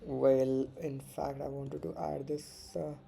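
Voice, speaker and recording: A man's voice: mid-range voice, level tone, takes it slowly, gravelly, mellow, a little hiss or hum. A man giving casual live commentary while trading forex, muttering and repeating words to himself and swearing freely. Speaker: forex trader streaming live.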